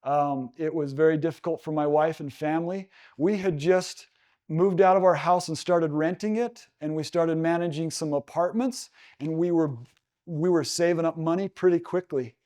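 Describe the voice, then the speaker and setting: A man's voice: fairly high pitch, fairly even intonation, dark tone. A young adult man from Utah giving a seminar talk, telling a personal story with many fillers and restarts. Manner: halting, many fillers and restarts, gets emotional. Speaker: guest speaker.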